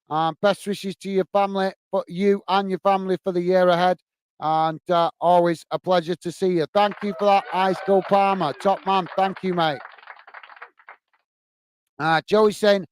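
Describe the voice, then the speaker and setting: Chatty high-voiced man reading live chat. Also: clear, resonant tone, dry recording. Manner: friendly, calls everyone mate, many filler uhs. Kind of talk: casual live-stream chat.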